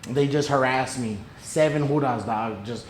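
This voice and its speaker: At a moderate pace and medium pitch, a male podcast guest shares a story in casual chat. He swears, uses slang, and acts out the voices of those he quotes. The space sounds echoey, with a faint noise floor.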